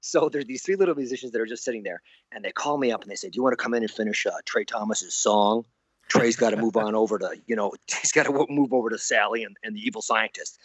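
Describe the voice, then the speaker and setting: A man's voice: fairly low pitch, fast, fairly bright tone, breathy edge, dry recording, muffled recording. A man in his sixties, a guest animator in an interview. He tells his stories animatedly, laughs often and acts out the voices he quotes. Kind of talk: anecdotal storytelling in an interview.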